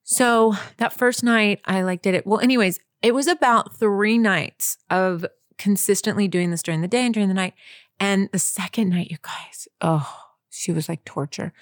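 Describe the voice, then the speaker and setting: A young woman talks casually to her listeners, winding through a story with plenty of fillers and direct asides. Her voice sits at a middle pitch and sounds dry and close to the mic. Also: steady tone, normal speed, no echo. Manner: chatty storyteller, lots of "like" and "you guys". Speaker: podcast co-host. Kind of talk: casual chat.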